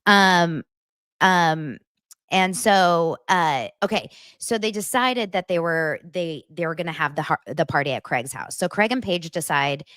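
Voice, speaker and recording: A young woman hosts a podcast of casual pop-culture chat, her voice on the low side, unhurried and fairly bright. She retells reality-show scenes with plenty of filler words.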